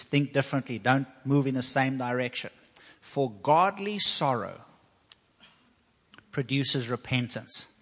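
A man's voice: medium pitch, a bit bright. A man preaching a sermon as pastor, earnest and personal, repeating himself for emphasis. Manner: earnest, personal testimony with repetition. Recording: long hall reverb.

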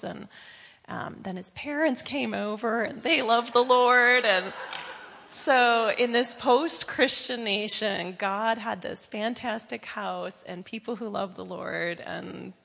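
Woman, testimony speaker, earnest storyteller, gravelly and breathy, echoing hall. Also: mid-range voice, a little slow, a bit bright. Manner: earnest storytelling, quoting others. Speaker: church member giving a testimony. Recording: reverberant church hall.

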